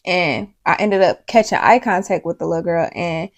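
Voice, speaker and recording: Young adult woman, gravelly, casual and profane storyteller for a vlog. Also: lowish voice, moderate pace. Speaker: vlogger.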